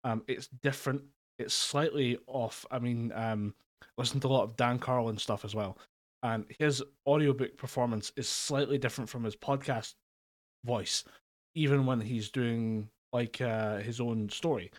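A man co-hosting a casual podcast, talking in a rambling, easygoing way. He laughs often and trails through plenty of ums and likes, at a middling pitch. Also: fairly even intonation, normal speed. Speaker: podcast co-host. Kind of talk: casual chat. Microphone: remote call mic.

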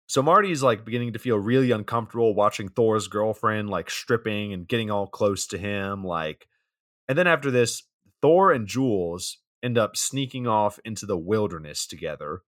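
A man's voice: lowish voice, lively intonation, moderate pace, fairly bright tone, no room sound. A man co-hosting a podcast, casually retelling a horror movie's scenes with dry jokes. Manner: laid-back, dry joking, retelling scenes. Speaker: podcast co-host. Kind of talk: casual movie recap chat.

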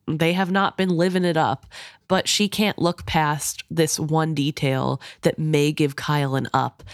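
A woman's voice: deep voice, no room sound, studio quality. A woman co-hosting a book podcast, thinking aloud in a chatty way, often saying "like" and "right?". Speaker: podcast co-host. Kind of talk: casual book discussion.

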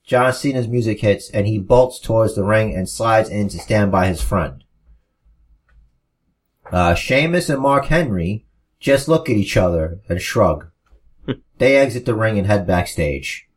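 A man co-hosting a podcast, casually reading out wrestling storylines with relaxed asides. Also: on the low side, unhurried, husky. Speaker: podcast co-host.

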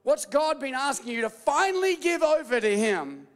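A man with a very high voice delivers an animated, playful sermon, calling out to his congregation for replies. His words ring out with the long reverb of a large hall. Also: moderate pace. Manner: animated, playful preaching with call-and-response and mock voices. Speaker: pastor.

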